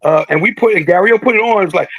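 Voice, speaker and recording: A man in his sixties telling stories as a guest in a casual interview, animated and joking, acting out quotes with big jumps in his voice. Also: high voice, rapid-fire, breathy edge, no room sound, poor audio. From Philadelphia. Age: 60s. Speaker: guest, veteran rapper.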